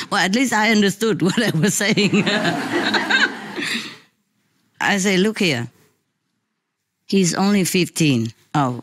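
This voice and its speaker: Chatty speaker, non-native English, casual anecdote, frequent laughs. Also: medium pitch. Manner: laughs often while telling. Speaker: spiritual teacher. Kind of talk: casual anecdote told to listeners. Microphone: live stream microphone.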